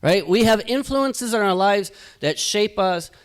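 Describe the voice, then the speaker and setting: High-voiced energetic male speaker. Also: unhurried. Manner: energetic, rhetorical, keeps asking "right?". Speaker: motivational speaker. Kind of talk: live keynote to an audience. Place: event hall.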